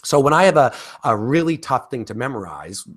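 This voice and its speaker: Male course instructor, mid-pitched and very lively in intonation, casual talky delivery. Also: brisk. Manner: animated, talkative, frequent fillers and restarts. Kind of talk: casual spoken lecture.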